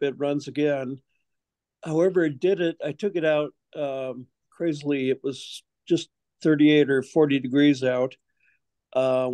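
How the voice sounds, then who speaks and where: A man joining a video call from his phone to ask a question, hesitant and filling pauses with ums. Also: a little high, dark tone, no echo. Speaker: participant asking a question.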